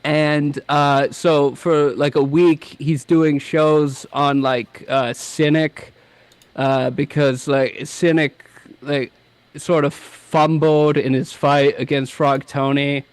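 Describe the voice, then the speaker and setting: A man's voice: a little high, level tone, slow, clear, resonant tone, no echo. A man, a comic writer, talking as a guest in casual chat, rambling with hesitant restarts and mocking quotes.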